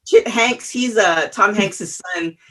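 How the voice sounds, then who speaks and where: A woman's voice: mid-range voice, takes it slowly, a bit bright. A woman from the West Indies co-hosting a podcast in casual chat, with frequent stammered restarts. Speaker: podcast co-host.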